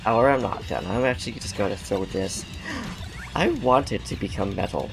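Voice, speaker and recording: A man's voice: fairly low pitch, moderate pace. A man giving casual, chatty gameplay commentary as host, sassy toward the game and laughing often. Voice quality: gravelly. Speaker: gaming channel host. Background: game music.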